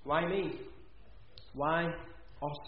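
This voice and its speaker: A man's voice: on the high side, fairly even intonation, drawn-out words. A man preaching an earnest sermon in a church, repeating phrases for emphasis. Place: church hall. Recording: echoey, dull church recording.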